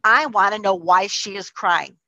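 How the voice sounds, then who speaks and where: A woman voicing a brash, blunt middle-aged cowboy man who talks in a gruff, pushy way. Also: mid-range voice, moderate pace, bright, forceful tone, no echo, lo-fi sound.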